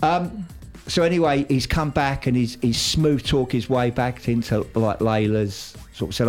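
Chatty bloke, rambling soap recapper, mid-range voice, faint music bed. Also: male voice, mid-range voice, fairly even intonation, measured pace, darkish tone. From United Kingdom. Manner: chatty, rambling storyteller with slangy asides. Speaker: radio show regular recapping a soap opera. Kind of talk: casual chat.

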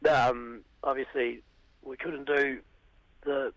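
A man with a New Zealand accent, a band singer, talking casually and hesitantly, his voice a bit raspy after a gig. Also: mid-range voice, little pitch movement, takes it slowly, fairly bright tone, no room sound, low-quality recording. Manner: hesitant, lots of ums and trailing off. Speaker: band singer, interview guest. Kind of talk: casual phone-in radio interview.

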